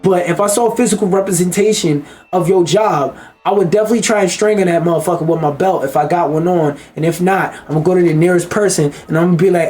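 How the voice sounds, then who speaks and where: A man's voice: high voice, fast talker, a little mellow, faint music behind. Blunt ranting man commentating. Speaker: commentator reacting to a video. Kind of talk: profane reaction commentary.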